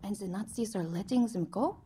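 An actress playing a worried mother who must send her young son away, speaking in a hushed, anxious way. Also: medium pitch, brisk, slight background noise, close to an everyday voice. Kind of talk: radio drama acting.

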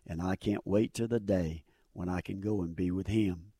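A middle-aged man with a deep, dark, husky voice tells his faith testimony with earnest fervor, circling back on phrases to drive them home. The recording is close and dry. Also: steady tone, normal speed, no room sound. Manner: earnest, fervent, repeats phrases for emphasis. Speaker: churchgoer giving testimony.

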